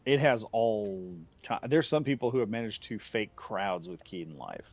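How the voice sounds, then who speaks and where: A man's voice: lowish voice, animated, a little slow. A man hosting casual chat while gaming, rambling through stories with many restarts. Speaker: gaming channel host. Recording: dull lo-fi mic.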